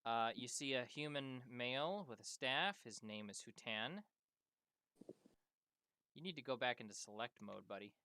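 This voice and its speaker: A game master running a tabletop game over voice chat, giving quick instructions and laughing often. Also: medium pitch, animated, pushed and bright.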